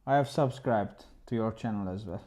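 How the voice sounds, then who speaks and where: A man's voice: lowish voice, moderate pace, warm tone. A man casually commenting a chess game on a livestream, reading viewers' messages aloud and answering them, often restarting his sentences.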